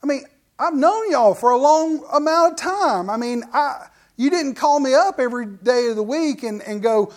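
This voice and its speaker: A man's voice: very high voice, animated, normal speed. Folksy joking middle-aged preacher man. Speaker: pastor. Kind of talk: sermon.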